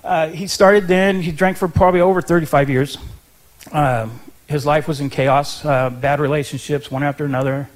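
A ministry intern giving a short sermon in church, chatty and nervous, with lots of ums and restarts. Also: male voice, on the high side, fairly even intonation, moderate pace.

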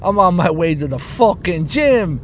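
A man's voice: lively intonation, normal speed. A man hosting his own show, ranting profanely and stumbling over restarts while he drives. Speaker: podcast host. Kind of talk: casual ranting monologue. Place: inside a moving car. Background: engine rumble of the car.

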